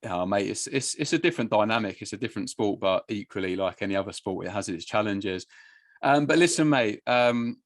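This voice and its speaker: A man's voice: fairly low pitch, expressive, fairly quick, no room sound, studio quality. A man hosting a casual podcast, joking with his guest in a matey, friendly way. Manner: friendly banter, calls guest mate. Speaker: podcast host.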